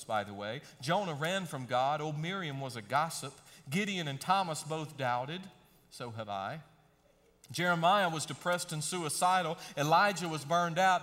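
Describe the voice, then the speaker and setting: A middle-aged man preaching a sermon in a folksy, emphatic style, swinging between loud and hushed delivery. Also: on the high side. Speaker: pastor. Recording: long reverb of a large hall.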